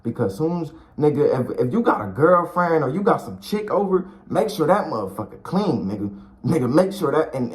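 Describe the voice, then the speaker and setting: Man vlogger, street-slang pep talk, blunt and preachy, average-pitched voice. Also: poor audio. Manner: blunt, profane and slangy, repeats himself, calls the viewer bro and dog; preachy and encouraging. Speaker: video creator giving life advice. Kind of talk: casual motivational talk to camera.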